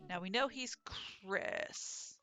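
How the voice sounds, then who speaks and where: A woman streams a game with lively, casual commentary and rambling anecdotes. Her voice is bright and forward, with a soft game soundtrack underneath. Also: medium pitch, takes it slowly, faint music behind. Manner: animated, chatty, swears and laughs. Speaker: let's play streamer. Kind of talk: casual gameplay commentary and storytelling.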